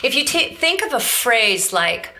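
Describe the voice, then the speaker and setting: A woman's voice: on the high side, very animated, unhurried, bright, forceful tone. A woman vocal coach giving a lesson, explaining technique and prompting her student to repeat after her. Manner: directive, demonstrates growls and coaxes the student. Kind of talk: instructional demonstration.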